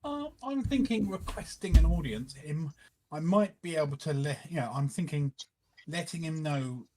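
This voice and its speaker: A man's voice: a little high, expressive, normal speed, mellow, a little hiss or hum. A man playing a tabletop game, laying out his plan hesitantly and trailing off. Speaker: player. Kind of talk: casual table talk.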